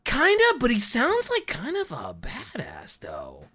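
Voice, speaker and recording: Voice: medium pitch, wildly swooping pitch, measured pace, crowd noise. A podcast co-host chatting casually, reacting with slangy exclamations and asking eager follow-up questions. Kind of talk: casual chat.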